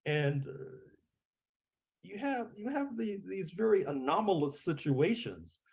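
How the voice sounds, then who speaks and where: A man's voice: sits high, sing-song, unhurried, vocal fry, darkish tone. A man speaking as an author and guest on a podcast interview, discursive, often repeating his words and giving wry chuckles.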